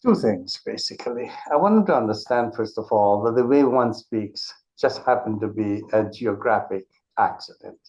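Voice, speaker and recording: A man from the Caribbean, an author appearing as an interview guest, explains things in a conversational way. His fairly low, darkish voice is expressive and measured, with frequent restarts. The interview audio is dull and lo-fi.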